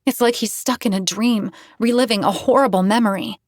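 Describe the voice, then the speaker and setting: A woman's voice: fairly high pitch, brisk, dry recording, studio quality. A woman reading a novel aloud in first person, with tense, dramatic storytelling. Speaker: audiobook narrator.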